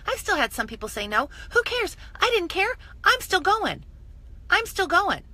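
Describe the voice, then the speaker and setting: Speaking at a moderate pace, this woman has an extremely high, bright, forceful voice that swings widely in pitch. She's a direct-sales business mentor on a phone livestream, giving an enthusiastic, emphatic pep talk that builds as she repeats her points.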